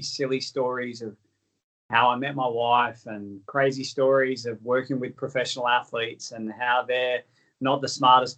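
A man's voice: medium pitch, a bit bright, rough recording. An Australian man, a guest author, earnestly telling stories in an interview, often repeating words as he starts his sentences. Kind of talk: conversational interview storytelling.

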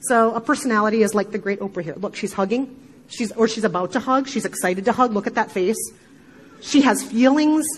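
Lively Midwestern woman giving a talk. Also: fairly high pitch, fairly quick, a little hiss or hum, poor audio. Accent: Midwestern American. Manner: animated, laughs often, emphatic asides. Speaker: podcast speaker giving a talk. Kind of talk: conference talk to a live audience.

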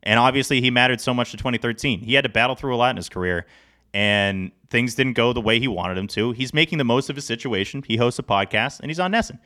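A man co-hosting a sports podcast, talking in a casual, animated, rambling way. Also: medium pitch, fast. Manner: animated, rambling, self-deprecating. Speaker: podcast co-host.

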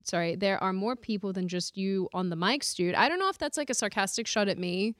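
A woman's voice: medium pitch, a little fast, a bit bright, dry recording, studio quality. A woman co-hosting a casual online talk show, reading viewer messages aloud and laughing often. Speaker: co-host reading super chats. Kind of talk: casual chat.

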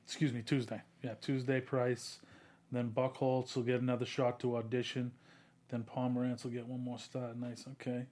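A man co-hosting a casual sports chat, loose and chatty, often acting out players' lines in a higher voice. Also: normal speed. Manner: animated, acts out players' quotes in higher voices. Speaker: podcast co-host.

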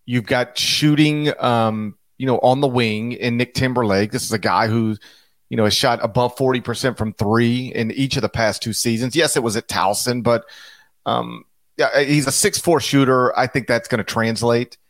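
A man's voice: medium pitch, dry recording, clean studio sound. Chatty male basketball podcast analyst. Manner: animated, chatty, with restarts and quick asides. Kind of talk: casual podcast chat.

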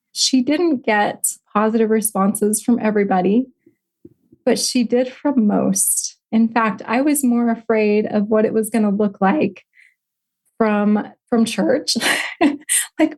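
A woman's voice: a little high, slow. Earnest middle-aged woman life coach. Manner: earnest, heartfelt, gently instructive. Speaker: podcast guest, life coach. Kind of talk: personal storytelling and coaching talk.

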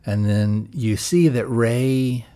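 A man's voice: medium pitch, takes it slowly, warm tone, clear, resonant tone. A man hosting a podcast, casually retelling and reviewing a TV episode in a conversational way. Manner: conversational, plot-retelling with fillers and restarts. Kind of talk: casual spoken recap.

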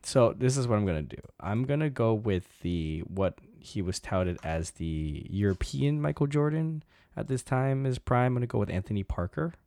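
A man's voice: mid-range voice, lively intonation, moderate pace, warm tone, no echo. A man co-hosting a casual sports podcast, eager and rambling with many fillers. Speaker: podcast co-host.

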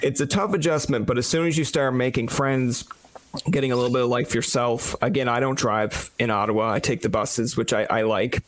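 A man's voice: mid-range voice, fairly even intonation, a little fast. A young man from Newfoundland hosting a podcast, chatting casually and acting out the conversations he retells. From Newfoundland, Canada. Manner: storytelling, acts out quoted exchanges. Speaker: podcast host.

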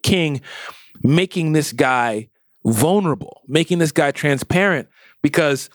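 Animated man talking comics, dry sound. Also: unhurried, dry recording. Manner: animated, acts out quoted lines in a lowered voice. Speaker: podcast co-host. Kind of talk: casual comic book discussion.

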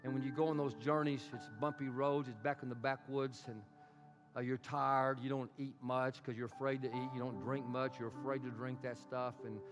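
A man preaching a sermon as pastor, using rhythmic repetition and call-and-response, building from quiet to loud. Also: medium pitch, level tone, normal speed, over music.

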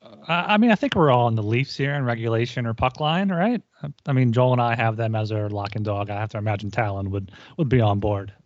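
A man's voice: medium pitch, expressive, quick pace. Man, betting podcast co-host, easygoing, hedging, mid voice. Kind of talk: sports betting podcast chat. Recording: dry dull lo-fi audio.

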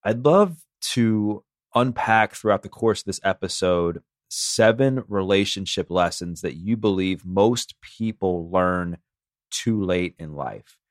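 A middle-aged man hosting a podcast, introducing his guest and asking questions in a measured way. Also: deep voice, no echo, studio quality. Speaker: podcast host. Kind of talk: podcast interview.

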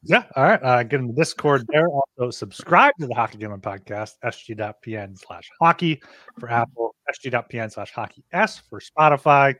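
A man's voice: mid-range voice, expressive, brisk, fairly bright tone, no room sound. A man co-hosting a podcast, running through the show plugs in an upbeat way. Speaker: podcast co-host.

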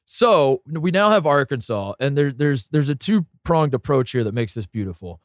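A man's voice: medium pitch, animated, normal speed, no room sound, clean studio sound. A man co-hosting a casual sports podcast, talking animatedly, piling up rhetorical questions with many restarts.

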